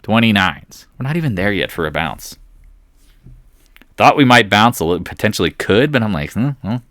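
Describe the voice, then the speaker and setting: A man's voice: fairly low pitch, very animated, normal speed, a bit bright, no echo, clean studio sound. A man giving casual stock chart commentary, sarcastic and talking to the charts in muttered asides. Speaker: market commentator.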